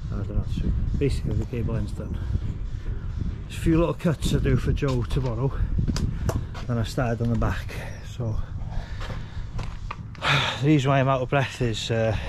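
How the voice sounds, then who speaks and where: A man's voice: medium pitch, normal speed, pauses often. A man who works as a bricklayer, talking bluntly and loosely to a handheld phone on an outdoor building site, swearing often. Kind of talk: casual site vlog. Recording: noisy outdoor site audio.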